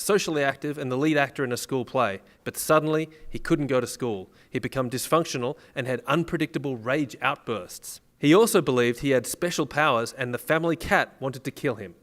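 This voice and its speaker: A man's voice: medium pitch, a little fast, hardly any pauses. A man co-hosting a comedy podcast, joking crudely and reading a news story aloud in casual banter. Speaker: podcast co-host.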